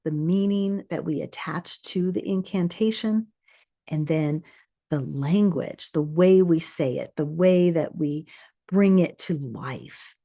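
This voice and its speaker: Earnest coaching woman with a mellow voice. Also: fairly low pitch. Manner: earnest and conversational, with many fillers and restarts. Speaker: course host. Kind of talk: coaching talk to a live group.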